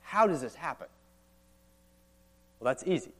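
A man's voice: mid-range voice, expressive, moderate pace, fairly bright tone. A man in his thirties with an American accent, preaching a sermon in a conversational way with frequent rhetorical questions and casual asides. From United States. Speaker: pastor. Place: church or meeting hall.

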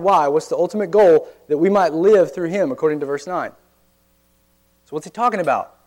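A man with a slightly higher voice delivers a college-ministry sermon. He preaches earnestly but conversationally, throwing out rhetorical questions to his listeners. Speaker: pastor.

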